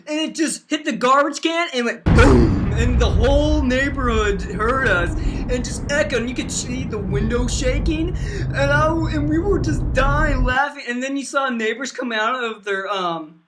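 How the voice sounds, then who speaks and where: A teenage boy vlogger telling a rambling storytime, full of fillers and bursts of loud silly voices. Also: very high-pitched, moderate pace, heavy background noise. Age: teens.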